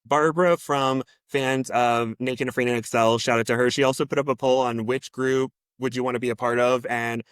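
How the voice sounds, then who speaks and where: Smooth-voiced man podcast co-host. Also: mid-range voice, steady tone, a little fast, hardly any pauses, fairly bright tone, no echo. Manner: rambling, with restarts and hesitations. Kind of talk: casual podcast chat.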